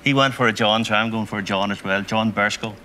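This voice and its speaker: An older man with a lowish but bright, sharp voice, answering quiz questions hesitantly with fillers. There is a faint studio hum behind him. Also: quick pace. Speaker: quiz contestant.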